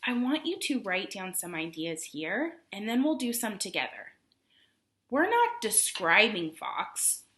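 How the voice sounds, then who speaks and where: Woman teacher doing a reading lesson, slow, bouncy voice, lots of questions. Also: medium pitch. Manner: expressive, encouraging, asks questions. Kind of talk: recorded reading lesson for children.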